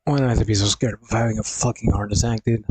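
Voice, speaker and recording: A young man streams from home into a desk mic, in pain and short of breath, groaning and swearing as he talks to himself and casually to viewers. His voice is lowish, husky and darkish, steady and quick, with no room sound and poor audio quality.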